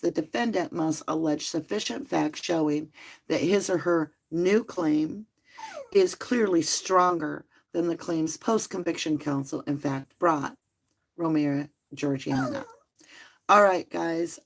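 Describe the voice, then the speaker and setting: A woman's voice: fairly low pitch, unhurried, creaky. A woman hosting a livestream, reading a court ruling aloud from a room at home and breaking off to talk to her viewers by name. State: out of breath.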